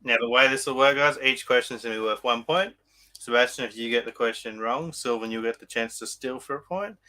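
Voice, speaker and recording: A man's voice: medium pitch, a little fast, pushed and bright, slight background noise, low-quality recording. A man hosting a podcast and running a quiz. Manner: upbeat, explains rules clearly. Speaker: podcast host.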